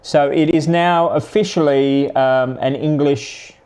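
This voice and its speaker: A man, hosting a live stream and chatting casually with viewers in a rambling, halting way. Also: on the high side, fairly even intonation, darkish tone, smooth. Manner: rambling, halting, with many restarts. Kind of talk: casual chat answering viewers.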